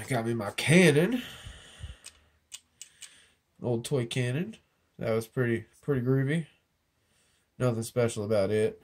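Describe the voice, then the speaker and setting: Husky and darkish, this medium-pitched voice moves slowly with frequent pauses; it's a metal detecting vlogger with a cold, clearing his throat. He casually shows off his finds indoors in an office, joking easily and wandering off topic a bit.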